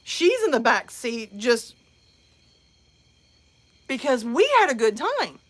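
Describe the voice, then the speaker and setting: A mother hosting a live show, telling a comic story in a lively, chatty way with lots of fillers. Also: a little high, takes it slowly. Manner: animated, many "like" fillers, acts out voices.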